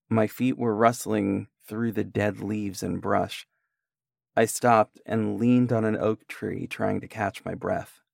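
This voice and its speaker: A man reading a first-person horror story aloud in a measured, unhurried way. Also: fairly low pitch, creaky, dry recording, studio quality.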